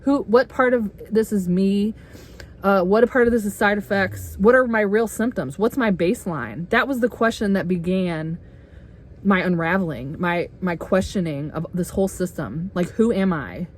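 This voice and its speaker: A middle-aged woman vlogging a heated, swearing rant with sarcastic rhetorical questions, getting loud at times. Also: medium pitch, normal speed, a little hiss or hum. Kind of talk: angry personal rant to camera. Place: RV interior.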